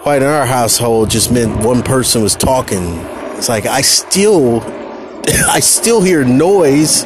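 A California man hosts a podcast, rambling reflectively on his own outdoors while a helicopter passes overhead. His mid-range voice moves slowly with lively intonation, and loud jazz music plays behind him amid background noise.

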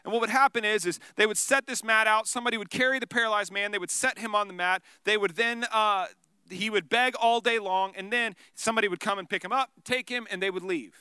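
A man preaching a sermon, telling the story in an animated way and dropping to a hush for dramatic moments. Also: high-pitched, fast, clear, resonant tone, no room sound. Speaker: pastor.

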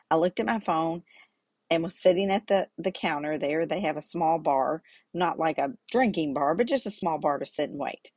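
A woman's voice: sits low, breathy edge, dry recording. A middle-aged woman hosting a podcast, telling a personal story in an earnest, faith-centered way. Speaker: podcast host.

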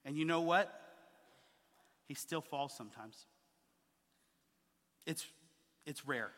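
A man in his thirties preaching a sermon as a pastor, telling stories with lively acted-out quotes. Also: on the high side, slow, big-room sound. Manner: animated storytelling, acting out quoted voices. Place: church sanctuary.

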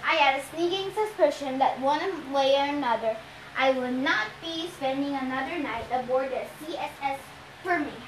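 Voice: high voice, moderate pace, a bit bright, reverberant, slight background noise, rough recording. A child reading a novel aloud as narrator, stumbling over words and going back to restart them. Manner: reads with slips and restarts, repeating stumbled words. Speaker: reader of a novel.

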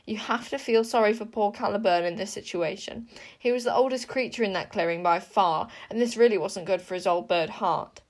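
A woman narrating a children's fantasy book aloud, lively and expressive, with chatty asides to the listener. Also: medium pitch, fairly quick. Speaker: audiobook reader. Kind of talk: storybook narration.

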